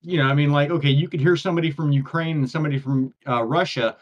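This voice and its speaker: A rambling American man co-hosting a livestream, his voice sitting a little high. He stumbles through restarts and fillers, and the audio sounds dull and lo-fi. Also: fairly even intonation, fast. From United States. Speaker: co-host of a blacksmithing livestream. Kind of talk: casual chat.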